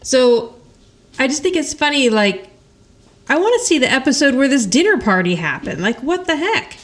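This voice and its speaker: With a high, sing-song voice at normal speed, a podcast host chats her way through an episode recap. She laughs a lot and voices the characters' lines as she retells the story.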